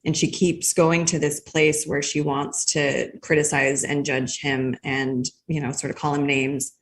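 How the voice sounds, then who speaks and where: A woman guest explaining her ideas in a thoughtful, measured way during a conversation. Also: sits low, little pitch movement, a little hiss or hum. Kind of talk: conversational interview.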